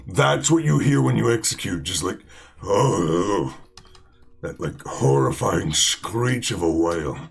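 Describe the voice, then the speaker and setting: Slow gravelly-voiced man rambling. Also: low-pitched, expressive. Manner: rambling, full of fillers and restarts. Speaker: let's play host. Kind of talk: casual gaming commentary.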